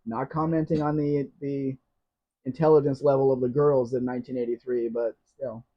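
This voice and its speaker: A man's voice: medium pitch, little pitch movement, moderate pace, slight background noise. A man hosting a live Q&A, reading viewer comments aloud and answering them with dry jokes. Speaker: host. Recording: dull lo-fi stream audio.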